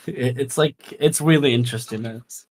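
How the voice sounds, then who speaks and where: A man's voice: medium pitch, normal speed. A man whose first language is Arabic, a guest on a live stream, chatting casually, teasing, laughing often and swearing. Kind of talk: casual chat.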